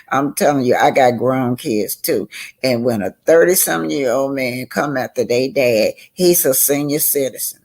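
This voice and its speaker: A woman's voice: extremely low pitch, creaky, a little mellow. An older woman giving chatty, emphatic commentary on a reality show, drawing out her words. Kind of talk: casual commentary.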